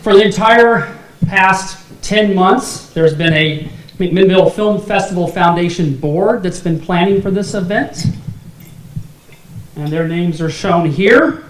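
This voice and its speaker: A high-voiced man emcees an awards dinner, reading out thanks and a guest's credits and slipping in jokes and chuckles along the way. His voice rings around an echoey banquet hall, with a faint hiss of noise behind it. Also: slow. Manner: jokey, laughs at own asides.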